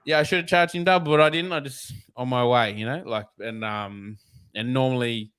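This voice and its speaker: A man's voice: mid-range voice, brisk, a bit bright, clean tone, no echo. An Australian man, a snake catcher guest, telling blunt, profane, rambling stories in a casual interview.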